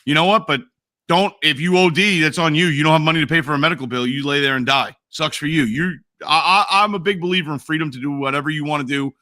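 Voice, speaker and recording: A man co-hosting a podcast in casual chat, profane and animated, slipping into mocking voices. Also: fairly high pitch, quick pace. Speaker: podcast co-host.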